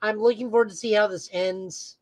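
A woman's voice: mid-range voice, fairly even intonation, fairly quick, dry recording, poor audio. A woman co-hosting a casual podcast who recaps comic plots in detail with frequent filler words. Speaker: podcast co-host.

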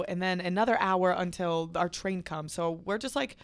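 A young woman hosting a podcast, telling a wild story in casual chat, animated and swearing freely. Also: medium pitch, fairly quick, few pauses. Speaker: podcast host.

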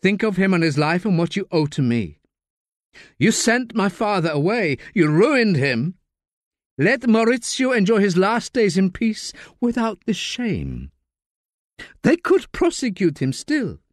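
A hard, resentful younger man who issues orders and pushes with raised, forceful delivery, as a male narrator voices him. The audiobook recording is dry and close. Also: high-pitched, wildly swooping pitch, unhurried, no echo, pitched above the performer's own voice, heavily acted. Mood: urgent. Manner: commanding, resentful. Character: hard, bitter young man, menacing nephew.

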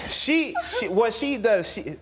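A man's voice: high-pitched, big pitch swings, takes it slowly, fairly bright tone. Man, thirties, court show litigant, defensive, repeats himself, slight background noise. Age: 30s.

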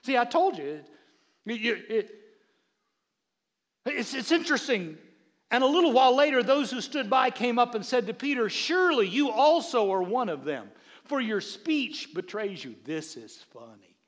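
A man preaching a sermon as a bishop, animated, with frequent stammered restarts and quiet asides. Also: very high-pitched, normal speed. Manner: drops into quiet asides and quoted voices. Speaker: bishop and pastor.

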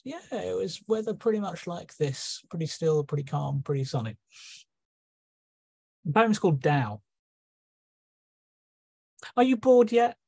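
A man's voice: mid-range voice, a little mellow, dry recording. A man reading his own poems at an online meeting from a room at home, with casual, hesitant asides full of ums between pieces. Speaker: guest poet reading his work. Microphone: video call.

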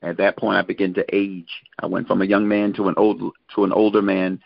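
Middle-aged male minister, deep and gravelly, measured and halting, dull lo-fi recording. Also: flat delivery, no room sound. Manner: slow, measured storytelling with many pauses. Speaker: guest minister. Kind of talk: personal religious testimony. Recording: dull, muffled lo-fi sound.

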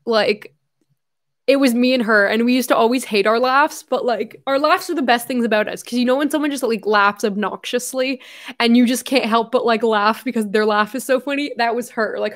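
A young woman with a fairly high voice talks casually to her viewers on a livestream. She is tearful and emotional, swears freely and chats loosely. Her talk is loose and unscripted, full of fillers. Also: a bit bright. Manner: emotional, swears often, reads viewer messages. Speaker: YouTuber hosting a livestream.

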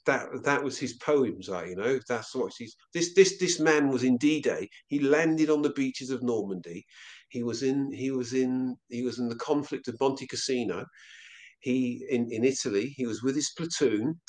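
A man telling a personal story as an interview guest, halting and often repeating himself. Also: mid-range voice. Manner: halting, with frequent stammered repeats.

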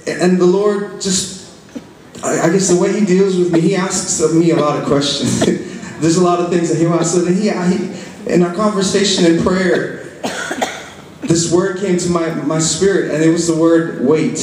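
A man delivers a fervent, repetitive sermon in a large church hall. His voice sits a little high for a man and is caught from far across the room, with strong echo all around. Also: fairly even intonation, normal speed, darkish tone, a little hiss or hum. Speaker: guest preacher. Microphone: filmed from far off.

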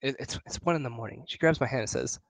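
A man's voice: mid-range voice, fast talker, dry recording. A young man and podcast co-host telling a long personal story in casual chat, rambling and swearing with many restarts.

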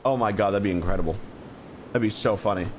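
A man's voice: fairly low pitch, fast talker, slight background noise. A young man streaming a game live, rambling and joking as he plays. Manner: rambling, excitable, jokey. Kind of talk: live gameplay commentary.

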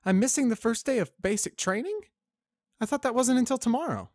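A plucky young pegasus mare cadet, put on by a man reading a story aloud, her voice pushed well up high and jumping about. She is sarcastic and cheeky even while hurting. The recording is dry and close. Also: fairly quick, no echo. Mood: startled. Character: young female pegasus cadet, brash and wry.

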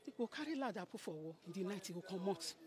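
A woman's voice: medium pitch, animated, fast, a crowd in the background. A middle-aged woman with a Nigerian Pidgin English accent, giving an emotional spoken testimony and acting out what others said to her.

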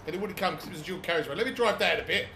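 In an echoey room with a little hiss or hum, a middle-aged Brit narrates his video game play with sweary, laughing let's-play commentary. He talks rapid-fire in a high, gravelly voice that sounds pushed and bright.

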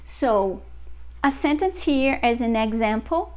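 Slow-paced Brazilian woman teaching vowels. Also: sits high, lively intonation, darkish tone. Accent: Brazilian Portuguese. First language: Brazilian Portuguese. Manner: slow, patient, repeats examples, upbeat. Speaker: language teacher. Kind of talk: online language lesson.

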